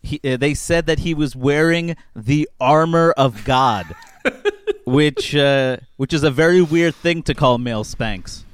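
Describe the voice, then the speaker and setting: A man on a comedy podcast, making halting, deadpan jokes. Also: fairly high pitch, smooth.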